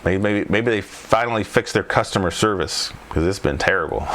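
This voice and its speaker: This trading coach's voice is fairly low and fairly bright, moving at normal speed with hardly any pauses. In an unscripted chart walkthrough, he thinks aloud and checks in with viewers after every point through repeated tag questions.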